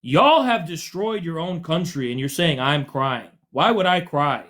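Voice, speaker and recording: A man's voice: a little high, expressive, a little slow, fairly bright tone. A man from the United States hosting a livestream, arguing with callers in a combative, mocking way. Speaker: livestream host. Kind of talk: heated livestream argument.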